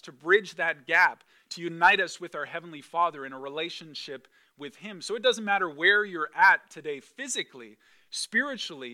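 High, bright-voiced male preacher. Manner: animated, conversational, with emphatic repetition. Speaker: pastor. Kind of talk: sermon.

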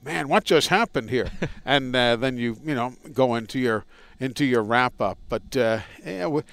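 A man's voice: mid-range voice, moderate pace, gravelly, a bit bright. A radio play-by-play broadcaster telling casual, rambling, self-deprecating stories from his career in an interview. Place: indoors at a college arena.

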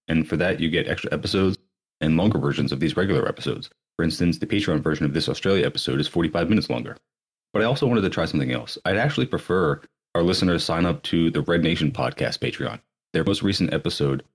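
A podcast host, a man with a very deep voice. He talks quickly in a brisk, chatty way. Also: slightly rough. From United States. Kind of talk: casual podcast talk.

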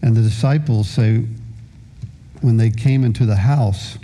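A man in his fifties preaching a sermon as pastor, with a halting delivery full of repeated words. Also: mid-range voice, warm tone.

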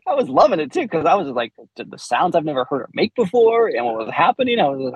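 A man's voice: on the high side, wildly swooping pitch, fairly quick, husky, dry recording, poor audio. A man in his forties, a podcast guest, candidly telling a personal story with frequent laughs and restarts.

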